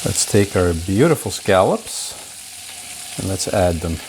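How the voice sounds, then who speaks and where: A man's voice: deep voice, sing-song, measured pace. A man hosting a home cooking show, enthusiastic and chatty, calling the viewers folks as he cooks in his kitchen. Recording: clear background frying noise. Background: sizzling pan.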